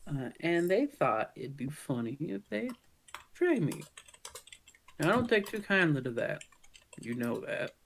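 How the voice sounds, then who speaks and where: A man voicing a disfigured crime boss with a soft, gentle Southern drawl who makes calm threats at an unhurried pace. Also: on the high side, creaky, a little hiss or hum, exaggerated voice, poor audio. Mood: menacing. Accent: soft Southern US, put on.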